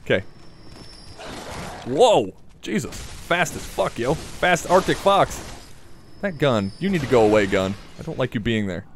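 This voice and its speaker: A man's voice: medium pitch, lively intonation, a little slow, long pauses, slight background noise. A man commentating his own gameplay in a playful, casual way, chatting to the enemies and swearing now and then. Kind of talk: let's play commentary.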